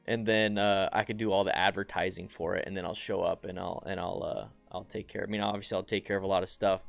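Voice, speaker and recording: Man, casual live-stream host, smooth clear voice, chatty, faint music behind. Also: lowish voice. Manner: chatty, reads viewer comments aloud, bursts of excitement. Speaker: motorcycle channel host.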